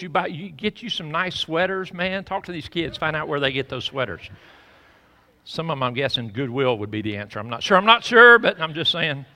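A man preaching a sermon in a church, folksy and preachy, swinging between loud emphasis and hushed asides. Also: fairly high pitch. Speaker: pastor. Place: church sanctuary. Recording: reverberant church hall.

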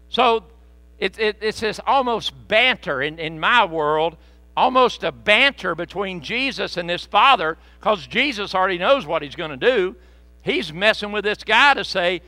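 A man preaching a sermon, folksy and animated, with joking asides to the congregation. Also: high-pitched, normal speed, no echo. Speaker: pastor.

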